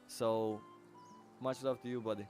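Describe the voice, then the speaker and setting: A man's voice: on the low side, fairly even intonation, unhurried, darkish tone, soft background music. A man streaming live, chatting casually and greeting and thanking his viewers by name. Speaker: livestreamer. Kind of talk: casual livestream chat.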